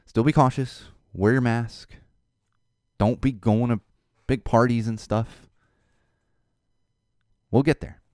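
A man hosting his own show, talking in an animated, emphatic monologue. When he gets upset he repeats words. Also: mid-range voice, takes it slowly, long pauses, no room sound, studio quality. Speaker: show host. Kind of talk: casual monologue.

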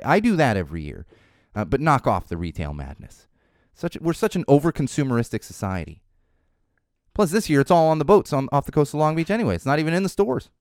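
A man's voice: on the low side, a little mellow, no echo, clean studio sound. A man hosting a casual solo podcast, rambling with a wry tone and restarting his sentences often. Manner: rambling, wry, repeats words while restarting. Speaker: podcast host.

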